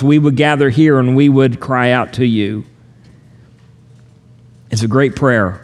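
An older man preaching a sermon with an earnest, measured delivery, dropping his pace on the lines he wants to land. His voice sits at an ordinary middle pitch and rings out with a long reverb, as if from a church sanctuary. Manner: earnest, measured, slows down for emphasis. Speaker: pastor.

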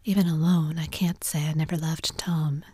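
Whispered role-play: a fraught young society wife, whispered by a woman, breathy and low. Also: unhurried, a little mellow, dry recording. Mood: torn.

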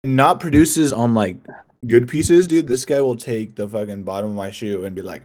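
A young man co-hosting a casual podcast, telling animated, profane stories among friends. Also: mid-range voice, moderate pace. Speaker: podcast co-host. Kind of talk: casual chat.

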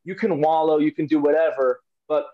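A man's voice: a little high, steady tone, fairly quick, narrow, tinny audio. A young man, an interview guest, telling a personal story casually with lots of fillers and restarts. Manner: rambling, many fillers and restarts.

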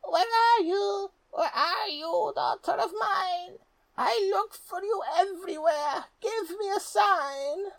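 A man's voice: very high voice, takes it slowly, vocal fry, fairly bright tone, voice pushed up, heavily acted. A man voicing a troll mother who sings a wailing call through the forest, in a storybook reading.

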